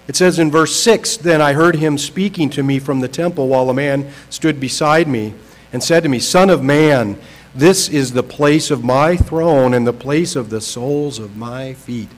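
A man preaching a sermon, reading scripture aloud and slowing to stress key words. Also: on the high side, rough recording. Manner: swings between soft and emphatic, slows for stress. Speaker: pastor.

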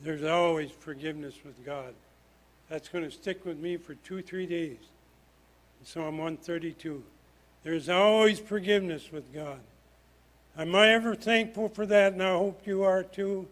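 An older man preaches from a church lectern in a high, ringing voice. His delivery is earnest and emphatic, pressing each point hard as he works through scripture. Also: unhurried, fairly bright tone. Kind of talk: sermon.

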